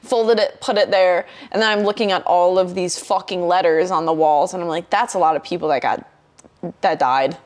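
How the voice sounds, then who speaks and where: Speaking at a moderate pace with a lowish voice, the young woman recounts a story during a relaxed podcast conversation. She's animated, swears a lot and performs her own quotes.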